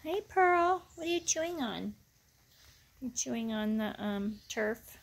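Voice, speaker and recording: A woman dog breeder filming her puppies, chatting casually to viewers and praising the pups in a high sing-song voice. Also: lively intonation, a little slow, vocal fry, slightly rough. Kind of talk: casual vlog narration while filming puppies.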